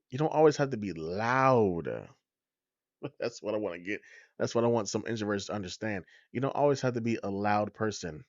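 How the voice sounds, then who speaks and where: A man's voice: mid-range voice, dry recording, dull audio. A man hosting a motivational podcast, talking straight to his listeners, preachy and repetitive, calling them "y'all". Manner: preachy, repeats points, addresses listeners as "y'all". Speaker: podcast host.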